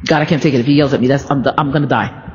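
A woman giving a casual faith talk to the camera, sleepy and allergic, talking in an animated way and repeating words as she goes. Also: very deep voice, racing, a little hiss or hum. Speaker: church member sharing devotional thoughts. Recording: reverberant, dull lo-fi sound.

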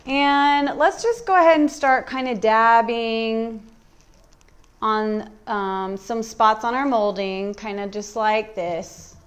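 A woman demonstrating furniture painting on a live stream, talking through each step in a relaxed, chatty way. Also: on the high side, slow pace, clean tone. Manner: relaxed, chatty, thinking aloud. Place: warm indoor workshop.

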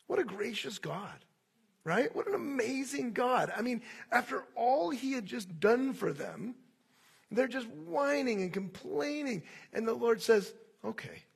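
A man pastor preaching a sermon in an animated way, acting out the voices of complainers. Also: extremely high pitch, a little slow, vocal fry, husky.

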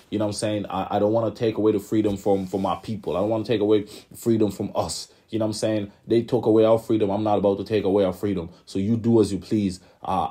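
A man's voice: lowish voice, mellow. Rambling young man talking anime. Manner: rambling, slangy, repeats words and says "you know what I'm saying". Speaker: anime commentator. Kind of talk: casual video commentary.

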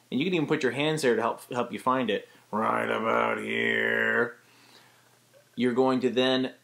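A man casually teaching a voice acting tutorial, chatty and lively, who breaks into short voice demonstrations as he goes. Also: medium pitch, vocal fry.

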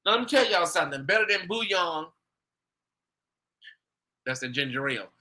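Male host, high and sharp-toned, gossipy casual chat with viewers. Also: normal speed. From United States. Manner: chatty, gossipy, animated asides to viewers.

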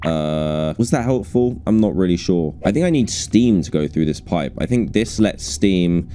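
A man giving live gameplay commentary as a gaming streamer, excitable and jumpy, with frequent laughter. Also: low voice, normal speed, faint music behind.

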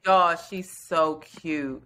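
A young woman co-hosting a podcast, chatting casually in an animated, gushing way with frequent laughter. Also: deep voice, extremely slow. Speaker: podcast co-host. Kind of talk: casual chat.

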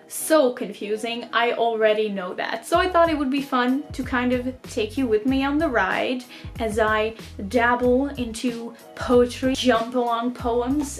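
A woman casually vlogging about reading, chatty and self-deprecating, often laughing at her own confusion. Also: a little high. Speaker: book vlogger.

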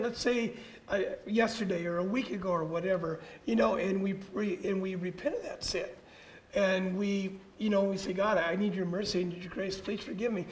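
A man's voice: high voice, a little hiss or hum, poor audio. A man, a pastor, sharing church teaching in an earnest, conversational way and often saying "you know".

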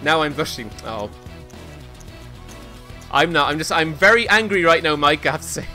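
A man streaming a video game live, reacting excitably and swearing often as he plays and talks to his chat. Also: fairly high pitch, moderate pace, soft background music. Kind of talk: casual live gameplay commentary.

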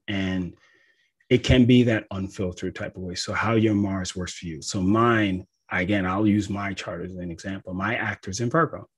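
A man with a low, slightly husky voice talks through his subject in relaxed conversational teaching style. He is animated and keeps checking in with the listener. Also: moderate pace. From United States. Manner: conversational, animated, often says "right?". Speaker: astrologer. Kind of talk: casual teaching talk.

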